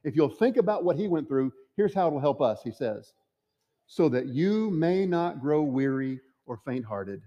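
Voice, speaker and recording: A man preaching a sermon, emphatic, with dramatic pauses. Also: fairly high pitch, big pitch swings, dark tone, lo-fi sound. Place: church sanctuary. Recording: long church reverb.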